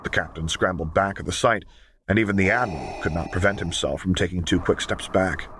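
Low-voiced man narrating an audiobook. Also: brisk, fairly bright tone, slight background noise. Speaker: audiobook reader. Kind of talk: fan fiction audiobook narration.

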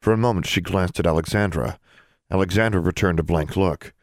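A man reading a novel aloud as narrator, steady and measured. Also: low voice, dry recording, clean studio sound. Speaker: audiobook narrator. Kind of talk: scripted audiobook narration.

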